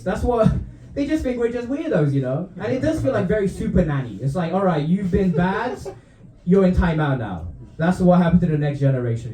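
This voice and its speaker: A young stand-up comic from Romania works a club crowd, his voice swinging up and down as he chuckles through his own punchlines. His tone is warm and mellow, and the stage mic picks up the room's echo around him. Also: high voice. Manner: laughs often at his own jokes, dry asides. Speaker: stand-up comedian. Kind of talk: stand-up routine. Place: comedy club.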